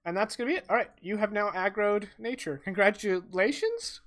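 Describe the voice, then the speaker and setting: Game master, bright clear tone, relaxed rule-explaining delivery. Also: mid-range voice, a little fast. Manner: easygoing, explains rules and scenes. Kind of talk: running a tabletop game.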